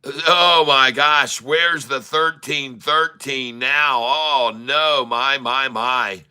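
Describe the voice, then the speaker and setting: A middle-aged man with a mid-range voice day-trades on a live stream, alternately teasing and pleading with the market makers. His voice is bright and cutting, smooth and clean throughout, and he drags his words out slowly. He's excitable and taunting, drawling out numbers and talking straight to the market.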